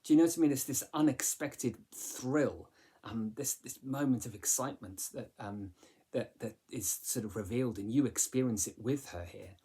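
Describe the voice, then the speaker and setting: A man's voice: medium pitch, normal speed, mellow, husky. A man teaching a literature lesson in a chatty way, with many fillers and rhetorical questions. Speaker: English teacher.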